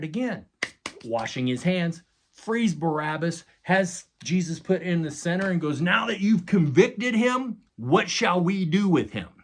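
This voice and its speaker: A man preaching a sermon, retelling a story dramatically with casual asides to his listeners. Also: medium pitch. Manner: dramatic retelling with acted quotes and sound effects; casual, addresses listeners as guys. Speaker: pastor.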